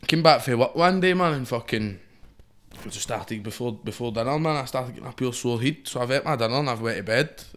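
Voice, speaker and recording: A Glaswegian man chatting on a podcast, telling stories in quick, slang-heavy bursts. His pitch sits in the middle range, and he talks very fast. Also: a bit bright. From Scotland. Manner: rapid slangy storytelling, swears a lot. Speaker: podcast guest. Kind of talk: casual chat.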